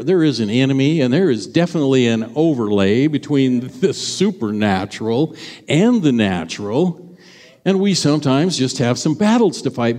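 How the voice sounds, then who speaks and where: A man's voice: on the high side, darkish tone. A middle-aged male pastor preaching a sermon in a chatty, storytelling way with sudden bursts of emphasis. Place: church sanctuary. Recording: long hall reverb.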